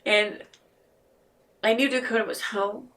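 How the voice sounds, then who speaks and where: A woman guest telling a painful personal story in a podcast interview, halting and earnest, often restarting her sentences. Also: mid-range voice, steady tone, fairly bright tone, far from the mic. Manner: earnest and emotional.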